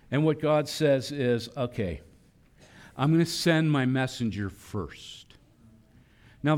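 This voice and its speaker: A man preaching a sermon, animated, acting out voices in quoted lines. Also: mid-range voice. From Philadelphia area. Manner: animated preaching, voicing God and children in quotes. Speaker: pastor.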